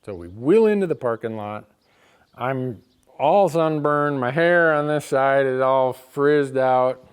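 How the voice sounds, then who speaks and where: A middle-aged man telling a comic story, exasperated, swinging between quiet asides and loud outbursts. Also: medium pitch, expressive, slow, clean tone.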